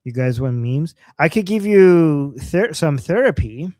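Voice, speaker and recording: Male livestream co-host, animated, stumbling restarts, dry close-miked voice. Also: a little high, measured pace, no room sound. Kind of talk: casual livestream chat.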